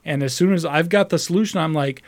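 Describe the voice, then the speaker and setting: Man, somewhat higher voice, casual profane storyteller; rambling, restarts often, animated. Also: fast talker. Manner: animated, mimics other voices while retelling. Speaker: call center customer service agent.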